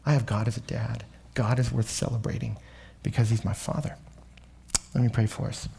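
A young man preaching a sermon from Texas, telling stories in an animated way and closing in prayer. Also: medium pitch, moderate pace, creaky, a little hiss or hum. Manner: animated storytelling, rising and louder in anecdotes.

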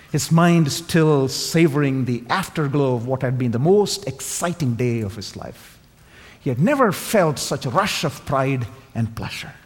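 A man preaching with an emphatic, lively delivery, his pitch rising and falling widely. He repeats key phrases for weight, and his voice carries a long reverb from a large church hall. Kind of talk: sermon.

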